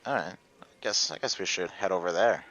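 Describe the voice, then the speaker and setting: A man's voice: low-pitched, a little fast, fairly bright tone. A man playing a tabletop game, easygoing and amused. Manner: amused, easygoing, laughs often. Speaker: player. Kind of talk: casual tabletop play. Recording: dull lo-fi audio.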